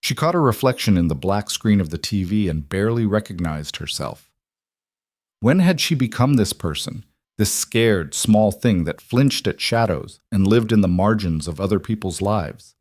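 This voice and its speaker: A man with a low voice reads a dark story in a measured, steady way. The sound is dry and close, with nothing of the room in it. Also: dry recording. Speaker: narrator. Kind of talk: scripted story narration.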